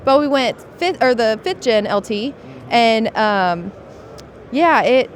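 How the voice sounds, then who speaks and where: A woman's voice: fairly high pitch, animated, slow, a little hiss or hum. A woman who builds cars and makes videos about them, talking through her project in a chatty, matter-of-fact way during an interview. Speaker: car builder and content creator. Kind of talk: casual interview. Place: busy trade show floor.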